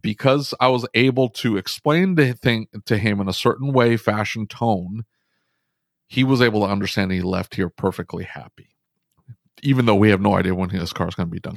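Animated, low-voiced man telling a story. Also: a little fast, creaky, no room sound, studio quality. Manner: animated storytelling, frequent restarts. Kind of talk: casual podcast conversation.

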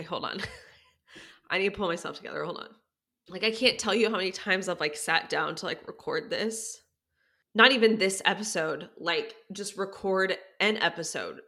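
Bright-voiced woman, chatty and teary. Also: medium pitch, creaky. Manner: chatty, says "like" very often, emotional and teary at times. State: near tears. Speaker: podcast host. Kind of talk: candid personal talk.

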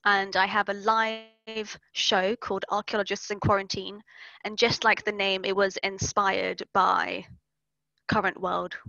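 A woman archaeologist chatting casually as a podcast guest, explaining her work in a measured way. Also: mid-range voice, creaky, bright, forceful tone, no room sound, dull audio. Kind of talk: casual conversation.

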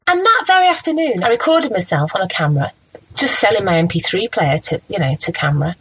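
A woman, a presenter telling stories from her career in a casual interview, very expressive and laughing often. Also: medium pitch, quick pace, slight background noise, low-quality recording. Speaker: radio and TV presenter.

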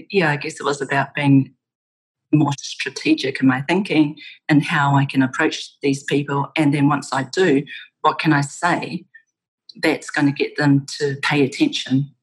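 A middle-aged woman from New Zealand with a New Zealand accent, reflectively telling stories as an interview guest, with the odd soft laugh. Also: low voice, fairly even intonation, a little slow, breathy edge, low-quality recording. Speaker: game studio founder, guest. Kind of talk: conversational interview storytelling.

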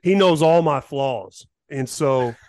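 Relaxed rambling man guest. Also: on the high side, dry recording, clean studio sound. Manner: relaxed, rambling, halting with fillers. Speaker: podcast guest, former player. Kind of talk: casual interview chat.

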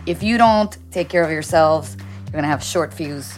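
A woman hosting a casual talk show, a mother of three telling a story in an animated, chatty way. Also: sits low, normal speed, soft background music. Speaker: host.

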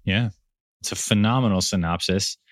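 A man hosting a podcast interview speaks in a low voice. He sums up the guest's points in a thoughtful, encouraging way, and the recording is close and dry. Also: normal speed, dry recording. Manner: reflective, summarizing, encouraging. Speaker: host.

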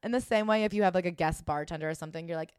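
A woman's voice: lowish voice, very fast, darkish tone, clean tone, no echo, clean studio sound. A young adult woman co-hosting a podcast, chatting casually, laughing often and reading book quotes aloud. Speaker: podcast co-host. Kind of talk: casual chat.

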